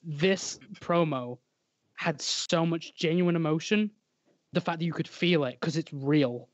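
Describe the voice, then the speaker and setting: A fairly high-voiced man co-hosts a casual podcast chat and rambles along with lots of fillers. The sound is dry and a little muffled. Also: measured pace, no room sound. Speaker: podcast co-host. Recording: dry, dull lo-fi audio.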